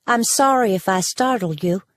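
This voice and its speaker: A woman reading an audiobook, voicing a prim, tense young woman with a husky voice and a faint Southern US accent. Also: medium pitch, normal speed, no room sound, close to an everyday voice. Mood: prim, annoyed. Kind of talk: audiobook character voice.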